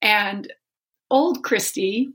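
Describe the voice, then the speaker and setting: A woman's voice: medium pitch, very slow, fairly bright tone. A middle-aged woman hosting a podcast, telling a personal family story with emotion and some laughter. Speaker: podcast host. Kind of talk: casual podcast conversation.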